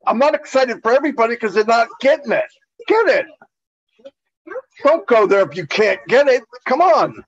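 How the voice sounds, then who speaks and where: A man's voice: extremely high pitch, lively intonation, normal speed. A man giving an earnest, repetitive pep talk as a webinar presenter over an online video call. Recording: dull lo-fi call audio.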